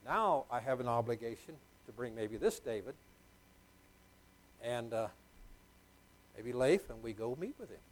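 In an unhurried sermon with long pauses, a middle-aged male pastor speaks very animatedly in a mid-range voice. He is emphatic, repeating key words and questioning the congregation, and the recording is rough.

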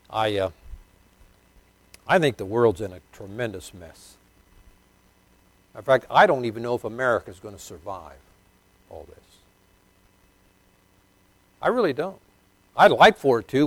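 An older man preaches in an animated way at a measured pace, leaving long pauses between loud, emphatic bursts and quiet, low asides. He chuckles and asks his congregation questions, and the recording has no room sound.

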